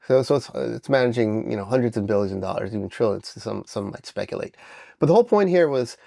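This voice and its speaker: A male host talks casually in a mid-range voice and explains his points step by step. He often checks in with a quick "right?", and the sound is dry and close. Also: mid-range voice, expressive, vocal fry, mellow, no echo. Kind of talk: casual commentary.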